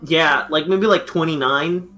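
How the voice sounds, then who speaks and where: Playing a casual tabletop game, a man rambles and jokes with plenty of fillers. His voice is a little high and his pace measured, with music in the background.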